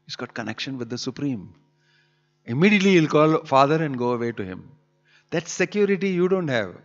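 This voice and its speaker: A man's voice: a little high, lively intonation, a little fast, faint music behind. A man giving an emphatic scripture sermon in a temple hall, pressing his points with rhetorical questions. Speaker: preacher. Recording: dull lo-fi hall recording with long reverb.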